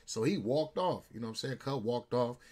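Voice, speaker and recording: Husky man telling a street story. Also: medium pitch, lively intonation, fairly quick, dark tone. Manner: rambling, slangy street talk. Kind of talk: casual storytelling.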